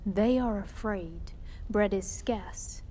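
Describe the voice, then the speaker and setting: An actress playing a scheming female adviser to a queen, speaking in a low, measured way in a drama clip. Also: mellow, slight background noise, natural voice. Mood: ominous.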